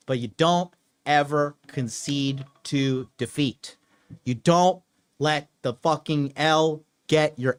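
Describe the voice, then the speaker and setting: A young adult man giving a solo advice talk as a dating coach, profane and emphatic, repeating points over and over. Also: medium pitch.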